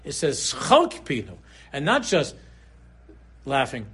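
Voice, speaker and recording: Animated husky rabbi yeshiva English. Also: male voice, takes it slowly, pauses often. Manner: animated storyteller, swings between low murmurs and sudden high exclaims. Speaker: rabbi giving a Torah class. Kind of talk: Purim shiur sermon.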